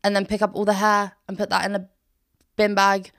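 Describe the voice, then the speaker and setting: A young woman chats on her own podcast, recorded sitting on her bedroom floor. She talks in a bubbly, oversharing way, laughs often and speaks at an ordinary middle pitch. The tone is relaxed and unscripted. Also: a little fast, gravelly. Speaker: podcast host. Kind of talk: casual chat.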